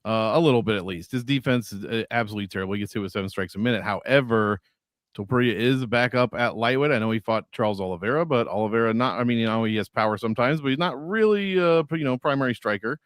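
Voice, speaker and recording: A man giving measured, stat-heavy fight analysis on a podcast over an online call, with many filler uhs. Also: medium pitch, dry recording, studio quality. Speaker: fantasy sports analyst.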